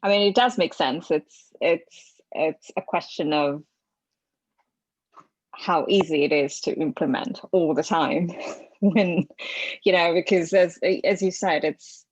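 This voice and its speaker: A woman's voice: on the low side, slightly rough, dry recording. A woman parent talking hesitantly over a video call, with many restarts. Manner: hesitant, halting with repeated restarts. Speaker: parent asking questions. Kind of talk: casual conversation. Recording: dull lo-fi dry sound.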